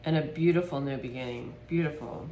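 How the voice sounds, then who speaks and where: A woman giving a spiritual tarot reading to her viewers, speaking softly and with heartfelt emotion. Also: very deep voice, fairly quick, roomy sound, a little hiss or hum. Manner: soft, heartfelt, gets emotional. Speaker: tarot reader.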